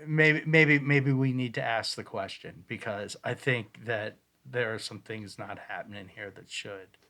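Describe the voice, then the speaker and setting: Guy cohosting a podcast, joking around, easygoing mid-pitch voice. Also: a little slow, sharp tone. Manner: playful, bantering. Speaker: podcast co-host. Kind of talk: casual chat reviewing ghost-hunt audio.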